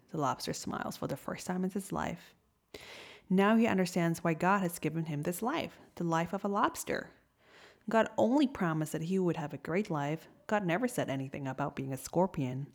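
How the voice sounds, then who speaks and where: A woman reading a storybook tale aloud in a gentle, soft-spoken way. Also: low-pitched, brisk, vocal fry. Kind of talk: storybook narration.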